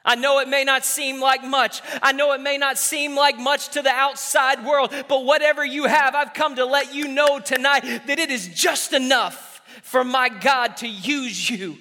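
Male pastor, thirties, high bright voice, animated sermon delivery, long hall reverb. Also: normal speed, few pauses. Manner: exhorting, call-and-response, acts out quoted voices.

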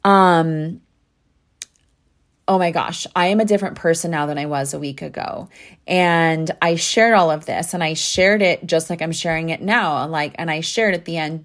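Low-voiced earnest woman podcaster. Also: moderate pace. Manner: earnest, heartfelt, with frequent "like" fillers. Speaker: podcast host and spiritual coach. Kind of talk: casual podcast monologue.

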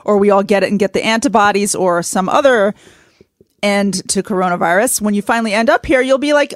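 A woman's voice: mid-range voice, a little fast, no room sound, studio quality. Teasing woman co-host explaining words. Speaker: podcast co-host. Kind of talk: casual chat.

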